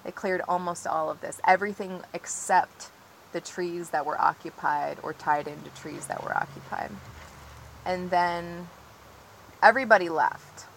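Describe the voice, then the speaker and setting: Agitated woman with a gravelly low voice. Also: unhurried, a little hiss or hum, low-quality recording. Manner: earnest, agitated, frequent "like" and "you know". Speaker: interviewee, tree-sit protester. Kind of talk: recounting events in a field interview. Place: outdoors on her property near trees.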